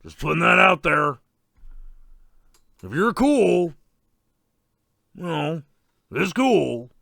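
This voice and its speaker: A man playing a crude, excitable masked slasher killer who rambles and swears in irritable rants during a comedy Q&A. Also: on the high side, takes it slowly, creaky, no room sound, clean studio sound, exaggerated voice. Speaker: stream host in character. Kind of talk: in-character comedy Q&A.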